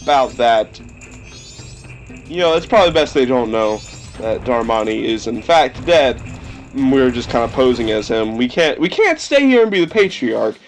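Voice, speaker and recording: A man's voice: mid-range voice, lively intonation, moderate pace, faint music behind. A young man casually commenting on a video game, goofy and playfully sarcastic. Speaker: let's play host.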